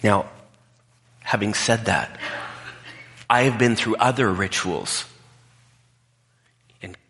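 A man's voice: on the low side, takes it slowly, gravelly, fairly bright tone, in a large hall. A male pastor preaching a conversational sermon, telling a personal story in a candid, emotional way.

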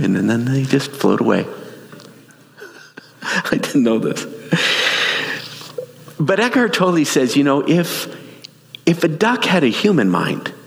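A man preaching a sermon, telling a personal story in an animated way, laughing and restarting his sentences. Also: mid-range voice, gravelly. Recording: long hall reverb.

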